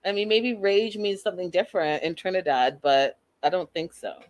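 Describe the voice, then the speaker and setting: Animated, opinionated woman recapping a reality show. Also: fairly low pitch, normal speed. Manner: animated, opinionated, acts out quotes. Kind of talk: casual opinionated recap talk.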